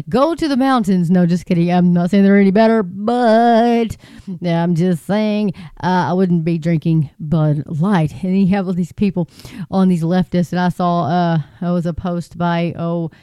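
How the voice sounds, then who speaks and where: Chatty woman podcaster, mellow smooth voice. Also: fairly low pitch, a little slow, no echo. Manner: rambling, chatty, frequent restarts and asides, laughs often. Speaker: podcast host. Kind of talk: casual solo podcast commentary. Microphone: podcasting microphone.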